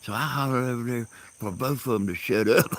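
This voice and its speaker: A man telling rambling stories in a casual monologue, halting and laughing loudly at his own tales, recorded outdoors in the countryside. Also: mid-range voice, heavy background noise. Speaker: host. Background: crickets and insects.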